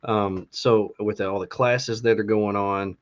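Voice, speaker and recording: A man's voice: on the low side, steady tone, takes it slowly. A man co-hosting a podcast, casually reading through a list of classes with many ums and uhs. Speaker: podcast co-host. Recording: dull lo-fi sound.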